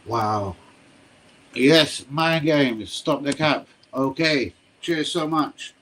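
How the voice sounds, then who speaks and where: A young man hosting a live football stream, chatting to his viewers in slangy, excitable talk with frequent swearing. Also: a little high, drawn-out words, rough recording. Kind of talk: casual live-stream commentary. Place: home room.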